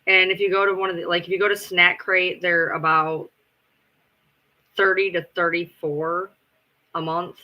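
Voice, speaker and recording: A man's voice: sits high, little pitch movement, normal speed, long pauses, highs cut off. A man chatting casually on a live stream, rambling, swearing freely and answering his chat as he goes.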